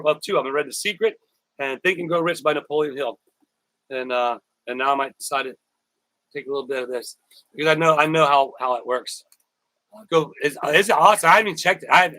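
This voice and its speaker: A man's voice: fairly high pitch, sharp tone, no echo, rough recording. A man hosting a casual live stream, rambling, repeating words and thanking viewers by name. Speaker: YouTuber live-stream host.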